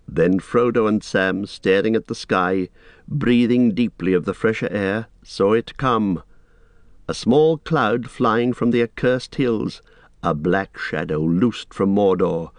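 A male narrator reads a fantasy novel aloud in a measured, steady manner. His voice sits low. The recording is dry and close, with no room sound. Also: no room sound. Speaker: audiobook narrator. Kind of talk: scripted fantasy audiobook narration.

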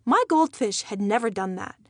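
A woman's voice: mid-range voice, expressive, moderate pace, a bit bright, dry recording. A woman from Iran reading her own memoir aloud with a wry, dry humor. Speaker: memoir narrator. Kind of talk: audiobook memoir narration.

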